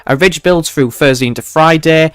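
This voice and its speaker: A man's voice: a little high, normal speed, a bit bright, no room sound. A young man hosting a casual livestream weather forecast, chatty and self-mocking, chuckling often as he talks to his viewers.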